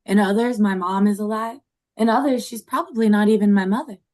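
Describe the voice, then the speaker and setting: A woman's voice: medium pitch, fairly quick, a little mellow, lightly acted. A woman voicing a spacey, bubbly young woman in an improvised tabletop role-play, talking airily with lots of "like" and "totally". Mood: dreamy. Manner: airy, full of "like" and "totally".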